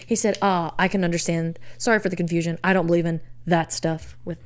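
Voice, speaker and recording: A woman's voice: fairly low pitch, little pitch movement, fairly quick. A young woman co-hosting a podcast, retelling a dating story by reading out text messages, often laughing. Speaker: podcast co-host. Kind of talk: casual chat, retelling a date story.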